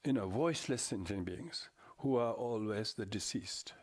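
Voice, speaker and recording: Older lama, low-voiced, halting dharma talk full of restarts. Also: male voice, expressive. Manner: halting, repeats and restarts words. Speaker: Buddhist lama teacher.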